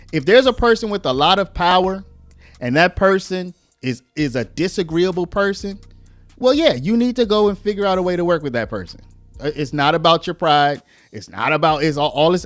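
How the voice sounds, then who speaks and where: A man's voice: fairly high pitch, no room sound. A man giving argumentative commentary on played clips, explaining step by step with rhetorical asides.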